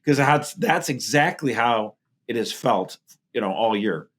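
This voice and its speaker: A man's voice: mid-range voice, expressive, a little slow, husky. Man co-hosting, mocking and incredulous. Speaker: podcast co-host. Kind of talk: casual political commentary.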